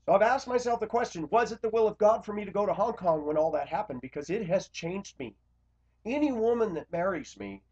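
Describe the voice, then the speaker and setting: A man speaking to camera in an impassioned confessional monologue, blunt and confrontational, swinging between loud outbursts and quiet asides. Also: a little high. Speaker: Christian video blogger. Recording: dull lo-fi recording.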